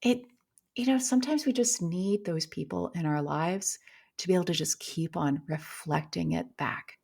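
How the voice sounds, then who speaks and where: Gravelly, animated woman telling stories. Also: lowish voice, normal speed. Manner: animated storyteller, acts out quotes. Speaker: podcast guest, pediatrician and coach. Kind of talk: casual conversation.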